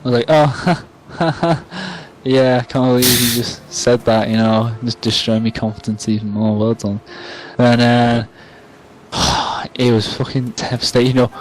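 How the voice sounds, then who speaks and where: A man's voice: medium pitch, level tone, normal speed, low-quality recording. A tipsy young man, rambling and swearing as he tells a self-mocking story to the camera.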